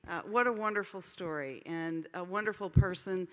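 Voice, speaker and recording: A woman's voice: on the low side, moderate pace, a bit bright. A woman hosting a live event, thanking the guest and presenting a gift in a polished manner. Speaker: event host. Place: large event hall. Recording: hall reverb with audience.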